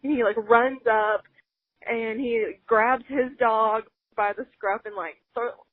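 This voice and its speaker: Woman podcaster telling a story all worked up, kinda breathy, sounds like over a phone. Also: a little high, slow, dry recording. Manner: animated, emotional, fillers like "like". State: close to tears. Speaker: podcast co-host. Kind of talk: casual chat, storytelling. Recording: phone-like audio.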